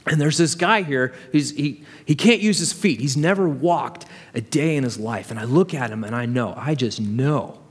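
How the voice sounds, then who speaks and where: A man voicing an excited apostle who animatedly retells his journey in the first person. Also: medium pitch, moderate pace, few pauses, husky, in a large hall, natural voice.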